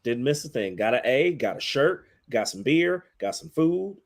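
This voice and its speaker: A man's voice: medium pitch, big pitch swings, moderate pace, creaky. Man, podcast co-host, easygoing, laid-back, casual chat.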